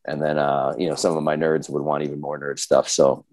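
A man's voice: a bass voice, flat delivery, a little fast, a little mellow, no echo. A man talking as a podcast guest in a laid-back, casual way, swearing easily and joking at his own expense. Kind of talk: casual chat.

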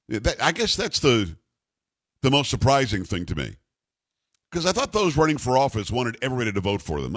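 A man's voice: medium pitch, fairly bright tone, dry recording. A man hosting a talk radio show, delivering a sarcastic, emphatic political monologue into a studio microphone.

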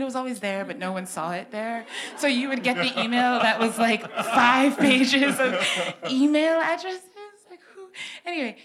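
Witty woman author with an American lilt. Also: mid-range voice. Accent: vaguely American. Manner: animated, witty storytelling with frequent laughs. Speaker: author guest. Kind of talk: on-stage interview.

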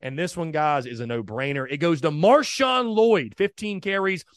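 Male podcast host, slightly high voice, dry close sound, lively opinionated delivery. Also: normal speed, clear, resonant tone, no echo. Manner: energetic, opinionated, addresses listeners as guys. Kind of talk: sports podcast monologue.

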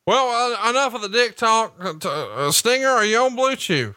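A man's voice: high-pitched, sing-song, normal speed, sharp tone, no room sound. Teasing man hosting a podcast. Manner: joking, teasing, crude. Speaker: podcast host. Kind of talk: casual podcast banter.

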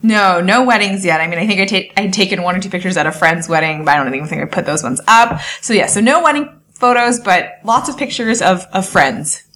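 A young woman guest on a podcast, chatting and telling her story in an animated way, acting out past conversations. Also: mid-range voice, a little fast, hardly any pauses. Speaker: podcast guest, wedding photographer. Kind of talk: casual interview chat.

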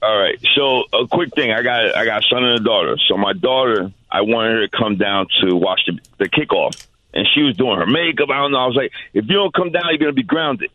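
A man's voice: lowish voice, brisk, dry recording. Male caller, father, chatty story, tinny phone line, dry. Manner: animated storytelling. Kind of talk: call-in story.

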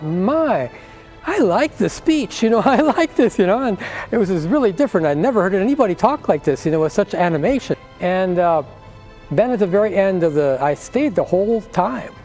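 A man's voice: sits high, a little mellow. An older man giving an earnest personal faith testimony, acting out the voices of people in his story.

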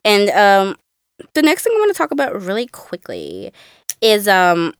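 Lively woman podcast co-host, dry close sound. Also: medium pitch, moderate pace, no echo. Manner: animated, mimics voices with laughs. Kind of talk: casual podcast chat.

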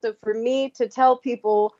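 A woman's voice: on the high side, steady tone, moderate pace, warm tone, no echo. A woman from the American South with a Southern accent, chatting casually and teasing playfully. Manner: laughs easily, playful teasing. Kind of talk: casual chat. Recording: dry, muffled lo-fi recording.

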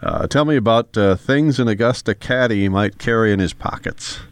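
A man hosting an interview, asking questions in a relaxed, chuckling way. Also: on the low side, normal speed, clear, resonant tone. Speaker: host. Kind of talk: casual interview.

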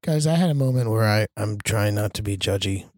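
A man's voice: on the low side, lively intonation, brisk, a little mellow, no echo, studio quality. A man co-hosting a podcast, telling a rambling story in casual chat and acting out what people said. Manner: rambling anecdote, acting out quotes. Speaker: podcast co-host.

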